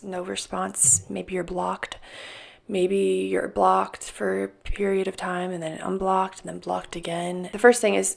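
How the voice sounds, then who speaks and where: A young adult woman with a noticeably gravelly, fry-laden voice at a middling pitch, reading text messages aloud. She comments calmly and tags each one with a short flat label. Now and then she softens to a sympathetic, near-whispered tone. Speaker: parental alienation commentator.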